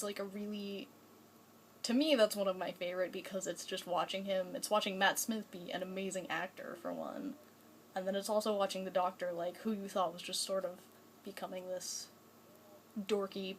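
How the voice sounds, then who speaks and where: A woman's voice: mid-range voice, slight background noise, rough recording. Young woman gushing in a rambling vlog. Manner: chatty and rambling, many "like"s and restarts; gushing, enthusiastic. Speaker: vlogger. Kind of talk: casual fan vlog.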